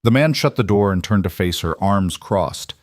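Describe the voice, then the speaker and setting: A man narrating a story in a measured, scripted audiobook style. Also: deep voice, animated, no echo, clean studio sound.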